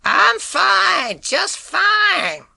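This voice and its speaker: A man doing a boy's shrill fake old-lady voice. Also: big pitch swings, creaky, pushed and bright, no echo, full character voice. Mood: flustered, bluffing. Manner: shrill, drawn-out calls. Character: boy faking an old woman's high voice.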